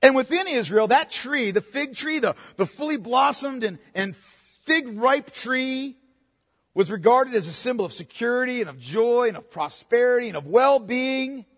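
A man delivers a sermon in a church, his voice unusually high for a man. He keeps it conversational, checking in with the congregation with "okay?" and "right?". A long reverb from the sanctuary trails after his words. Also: lively intonation, normal speed, a bit bright. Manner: conversational preaching with frequent "okay?" check-ins. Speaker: pastor. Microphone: microphone.

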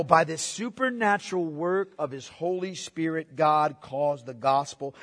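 A male pastor preaching a sermon with emphatic rhetorical questions and repetition. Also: a little high. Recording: long hall reverb.

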